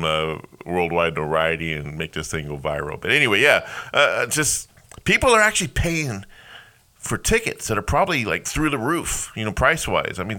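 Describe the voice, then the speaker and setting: A man's voice: on the low side, bright, forceful tone. A man hosting his own podcast, ranting casually with lots of profanity and rambling asides. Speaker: podcast host. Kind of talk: casual comedic rant.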